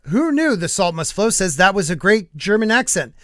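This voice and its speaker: Podcast host, male, high voice, blunt ranter, dry close mic. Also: sing-song, moderate pace, fairly bright tone, no echo. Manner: ranting, blunt and profane. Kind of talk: casual podcast chat, reading chat comments.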